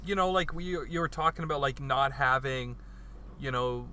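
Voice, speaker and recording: Bright-voiced chatty man. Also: medium pitch, normal speed. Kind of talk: casual chat.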